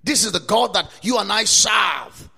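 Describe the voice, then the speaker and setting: A man preaching a sermon to listeners, asking rhetorical questions again and again, citing scripture verses and building up to emphatic shouts. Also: high voice, expressive, a little slow, gravelly, slightly rough. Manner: quotes and cites scripture verses. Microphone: recorded for broadcast to listeners or viewers.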